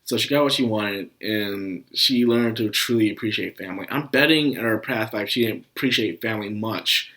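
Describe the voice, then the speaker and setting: A young man casually reviewing an anime episode, animated and cursing, sick with a cough. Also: fairly low pitch, moderate pace, hardly any pauses. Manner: animated, swears and laughs, acts out scenes.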